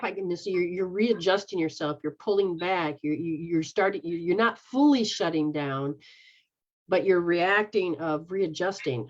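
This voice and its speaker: A woman's voice: fairly low pitch, expressive, measured pace, a little mellow. A woman healer guiding someone through a healing session, repeating a chant-like refrain and speaking directly to them. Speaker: spiritual healer. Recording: dull lo-fi recording.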